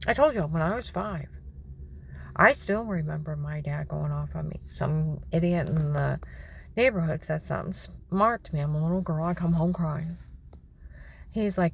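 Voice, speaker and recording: A woman vents in a rambling, indignant personal monologue. Her voice is low and gravelly, and she often sinks to a whisper. Faint background noise runs under the recording. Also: normal speed. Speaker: vlogger.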